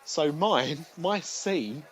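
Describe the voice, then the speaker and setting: A man's voice: fairly high pitch, animated, very slow, slight background noise, low-quality recording. A man hosting a podcast in casual chat, rambling with restarts and jokes. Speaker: podcast host.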